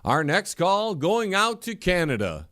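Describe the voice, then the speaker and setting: A man's voice: sits high, wildly swooping pitch, a little slow, pushed and bright, a little hiss or hum. Wry middle-aged male radio host. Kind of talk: comedy call-in radio show.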